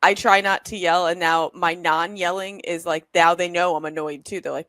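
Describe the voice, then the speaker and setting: A woman's voice: on the low side, fairly even intonation, moderate pace, fairly bright tone. A woman co-hosting a podcast, talking earnestly and chatting with self-deprecating laughter. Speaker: podcast co-host. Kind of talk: casual podcast chat.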